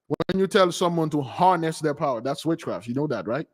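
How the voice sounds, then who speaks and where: A man hosting a spiritual channel, preaching casually to followers in an animated, emphatic and mocking way. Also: on the high side, brisk, big-room sound. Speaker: channel host giving a spiritual talk.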